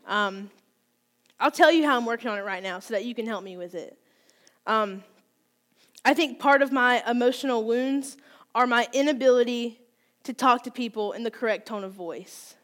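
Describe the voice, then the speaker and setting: A woman's voice: fairly high pitch, moderate pace, a bit bright. A woman in her twenties giving a candid, conversational sermon, open and self-deprecating about her own faults. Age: 20s. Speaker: youth speaker.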